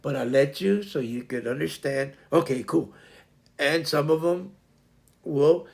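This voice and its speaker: A gravelly, slightly high-pitched man chats casually on his livestream. He rambles through a shop story and plays both sides of the conversation himself. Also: measured pace. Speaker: livestream host.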